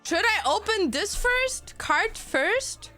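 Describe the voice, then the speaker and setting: A woman in her twenties, streaming casually and opening birthday gifts, her talk swinging between soft remarks and loud emotional outbursts. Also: extremely high pitch, animated, takes it slowly, soft background music. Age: 20s.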